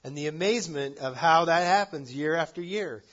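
A man preaching a sermon, earnest, rising to loud emphasis and dropping to soft endings. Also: a little high, normal speed, lo-fi sound. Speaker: pastor.

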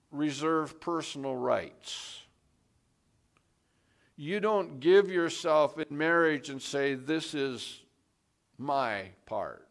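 A male pastor delivers a sermon at an unhurried, measured pace. His voice carries a gravelly edge, and he drives hard on key words to make his point. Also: fairly high pitch. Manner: slow and deliberate, rising to emphatic stress on key words.

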